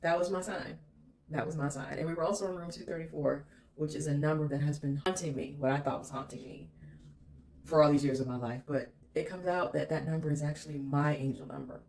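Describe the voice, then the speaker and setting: A woman's voice: low-pitched, fairly even intonation, fairly quick, creaky, a little mellow. A woman vlogger telling a personal story in an emphatic, candid way, swearing freely.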